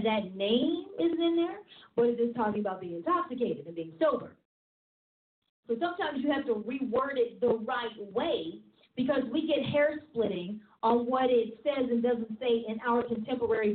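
High-voiced woman preaching over a tinny line. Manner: emphatic, repetitive, chatty with laughs. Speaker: apostle and preacher. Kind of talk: teaching sermon. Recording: tinny phone-like sound in an echoey room.

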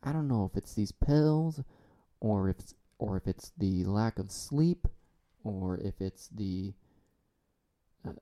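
Slow, dark-voiced deadpan man. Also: lowish voice. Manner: deadpan, absurd, meandering. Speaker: talk show host. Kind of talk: rambling solo comedy talk show.

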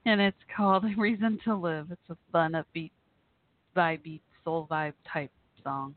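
A woman's voice: low-pitched, a little slow. Giggly forties woman host on a tinny line. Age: 40s. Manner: rambling, laughs often, chatty with listeners. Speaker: podcast host. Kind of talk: casual live call-in show talk. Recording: tinny phone-like line, dry.

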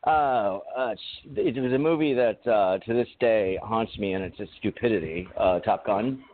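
A man's voice: lowish voice, measured pace. Guy rambling and swearing through old stories, sounds tinny like a phone line, faint hiss behind. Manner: profane, rambling storyteller. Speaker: podcast co-host. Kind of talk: casual chat.

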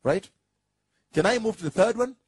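Man, preacher, sermon, husky, high voice, emphatic, repeats phrases, dry sound. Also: animated, no echo. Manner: emphatic and repetitive, rising into drawn-out shouts; asks the congregation for confirmation.

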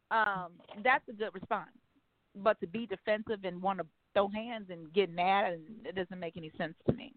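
A woman hosting a casual talk radio show, speaking frankly and profanely with animated storytelling. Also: medium pitch, brisk, no room sound. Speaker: host. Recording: dry phone-like line.

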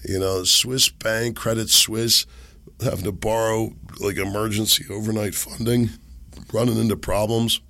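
Sick guy rambling on his podcast, lowish gravelly voice, sarcastic muttering into a boom mic. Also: fairly even intonation, normal speed, bright, forceful tone. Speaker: podcast host. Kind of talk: casual commentary monologue. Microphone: boom microphone on a desk.

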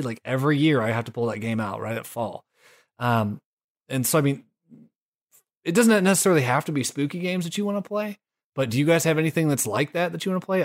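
A man hosting a casual gaming podcast, laid-back and quick to swear, tossing in slang like "dude" and "son". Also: mid-range voice. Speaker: podcast host. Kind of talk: casual chat.

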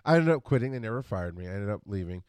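A man hosting a solo podcast, ranting with frustration and profanity, rushing his words and then reining himself in. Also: on the low side, lively intonation, a little mellow, clear, resonant tone, dry recording. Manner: frustrated, profane, talks fast then slows down. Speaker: podcast host.

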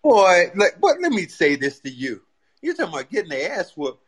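An older man, a former pro player, chatting casually on a sports podcast, telling animated stories full of acted quotes and colloquial repeats. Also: sits high, moderate pace, breathy edge. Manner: colloquial, repeats words when revving up. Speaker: former pro basketball player, guest analyst.

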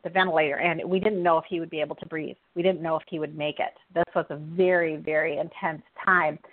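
A woman hosting a Christian talk show, telling personal stories earnestly and with animation, often laughing. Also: lowish voice. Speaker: radio show host. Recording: tinny phone-like sound.

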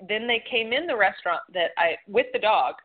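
A woman's voice: medium pitch, expressive, brisk. A woman co-hosting a podcast in casual chat, telling stories and swearing freely. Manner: chatty storyteller who swears freely. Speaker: podcast co-host. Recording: tinny phone-like sound.

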